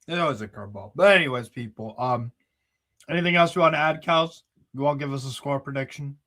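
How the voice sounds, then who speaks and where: Bright-voiced laid-back man hosting. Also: medium pitch, quick pace. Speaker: host. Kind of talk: casual streamed football chat.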